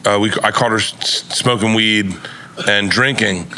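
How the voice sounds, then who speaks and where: A man's voice: on the low side, steady tone, normal speed, bright, forceful tone, slight background noise. A middle-aged man, a guest comedian, telling long rambling stories in a casual chat, swearing and laughing as he goes. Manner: rambling, laughing mid-story, profane.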